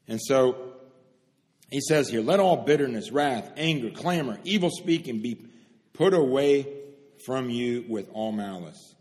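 A man preaching a sermon with fervour, swinging from loud emphatic stresses to hushed, solemn lows. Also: lively intonation, measured pace. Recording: long hall reverb.

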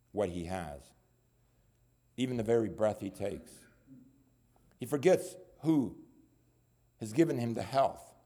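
Husky guy preaching slow, voice swinging way up and down, quiet then loud. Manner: swings between low murmurs and loud rising appeals. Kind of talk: sermon.

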